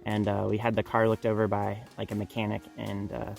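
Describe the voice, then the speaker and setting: A young man co-hosting a vlog, recounting a day in casual chat, pausing often on "uh" and "um". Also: on the low side, monotone, creaky, a little mellow, soft background music. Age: young adult. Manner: halting, many "uh" and "um" fillers. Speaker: vlog co-host.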